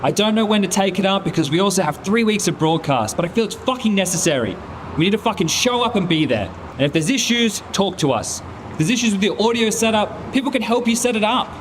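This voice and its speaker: A man's voice: high voice, lively intonation, quick pace, a little hiss or hum. A man, an esports caster, bluntly scolding a teammate and swearing often. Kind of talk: heated team talk.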